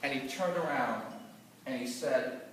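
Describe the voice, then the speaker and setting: A man giving a motivational business training talk to a live audience, telling a personal story with animated, emphatic delivery. He is heard from far off in a large echoey room. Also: mid-range voice, a little slow. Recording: echoey room from afar, faint noise.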